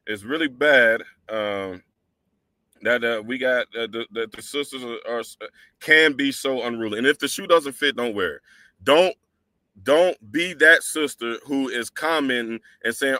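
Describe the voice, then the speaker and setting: A man's voice: medium pitch, moderate pace, sharp tone, no echo. A man hosting a livestream who lectures casually but emphatically, speaking straight to women in his audience and quoting and explaining Arabic scripture. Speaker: religious livestream host.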